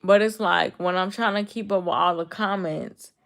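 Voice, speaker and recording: A Chicago woman in her twenties chats casually on a livestream, reading and answering her viewers' comments directly. Her naturally low, gravelly voice often gets mistaken for a cold, yet her tone is steady and fairly bright at a normal speed.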